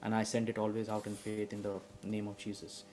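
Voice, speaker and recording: Man preaching a sermon, warm tone. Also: fairly low pitch, completely flat delivery, a little fast, a little hiss or hum, poor audio. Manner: rising to loud emphatic preaching; asks the audience questions.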